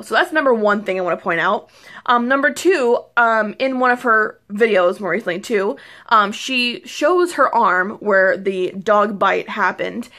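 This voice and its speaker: A young woman beauty vlogger chatting casually to camera, excitable and rambling, full of fillers and restarts. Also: mid-range voice. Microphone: phone or camera mic.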